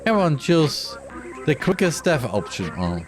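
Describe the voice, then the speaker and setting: A man's voice: on the high side, very animated, normal speed, music in the background, pitched above the performer's own voice. A man putting on a gloating sadistic game-show host. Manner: mock-cheerful, theatrical announcing. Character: gleeful sadistic male game-show presenter. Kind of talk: reading game dialogue aloud.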